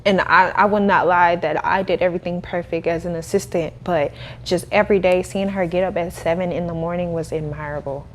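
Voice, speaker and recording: Animated woman telling her story. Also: on the low side, fairly quick, a little hiss or hum. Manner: animated, laughing, acts out quoted dialogue. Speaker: guest, cleaning business owner. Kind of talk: casual interview storytelling.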